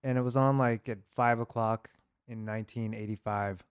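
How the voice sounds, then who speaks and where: A man on a casual panel chat, speaking in an offhand, deadpan way. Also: mid-range voice, moderate pace, clear, resonant tone.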